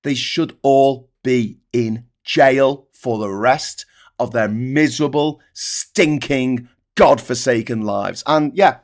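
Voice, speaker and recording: A man's voice: mid-range voice, slow. A man hosting a political livestream, ranting angrily and sarcastically with plenty of swearing.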